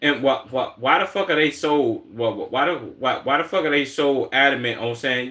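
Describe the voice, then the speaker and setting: Bright-voiced Chicago streamer, profane. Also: male voice, medium pitch, normal speed, few pauses. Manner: profane, slangy, blunt. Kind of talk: casual reaction commentary.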